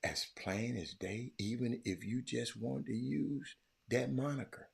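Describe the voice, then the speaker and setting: Husky-voiced man in animated sports commentary. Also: mid-range voice, measured pace. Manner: animated storytelling, loud bursts when quoting others. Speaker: podcast host. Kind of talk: casual commentary.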